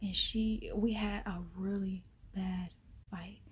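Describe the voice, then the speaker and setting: A woman vlogger telling a personal story in a casual, slangy way, animated, with whispered asides. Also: medium pitch, slow, husky.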